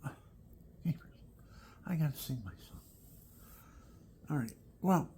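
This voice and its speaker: A man telling rambling personal stories at home, often dropping into soft whispered asides. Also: on the high side, animated, a little slow, long pauses, a little hiss or hum.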